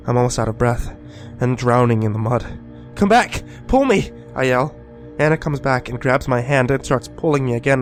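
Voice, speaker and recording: A man narrating a first-person horror story in a scripted, hushed delivery. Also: medium pitch.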